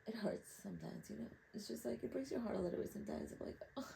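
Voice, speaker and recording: A woman's voice: medium pitch, expressive, fast, creaky, warm tone, a little hiss or hum, low-quality recording. A young woman whose first language is Spanish, talking candidly and rambling while she paints outdoors at night. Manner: candid, rambling, self-reflective. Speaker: artist. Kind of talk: casual talk while painting.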